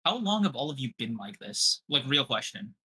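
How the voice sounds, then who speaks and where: A man's voice: medium pitch, sing-song, normal speed, pushed and bright, husky. A young man co-hosting a podcast, chatting casually with viewers and trash-talking in brash, profane banter. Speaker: podcast co-host. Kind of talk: casual livestream chat.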